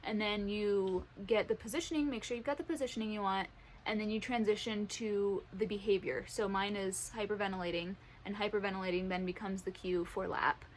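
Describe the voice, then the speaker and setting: A woman training her service dog at home, talking to the camera in a calm, practical way and praising the dog warmly. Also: mid-range voice, a little fast, a little hiss or hum, poor audio. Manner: upbeat praise to dogs between calm explanations. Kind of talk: casual training vlog. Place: bedroom at home.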